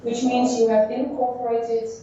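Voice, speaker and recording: A woman teacher giving a classroom lecture, thinking aloud in halting phrases while she draws on a board. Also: on the high side, level tone, mellow, a little hiss or hum. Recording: echoey dull room sound from far off.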